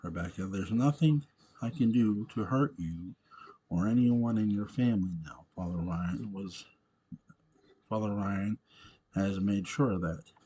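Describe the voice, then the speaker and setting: A man voicing a remorseful man who was once possessed, pleading in a slow, halting way. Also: on the low side, dark tone, dull audio, slight background noise, lightly acted.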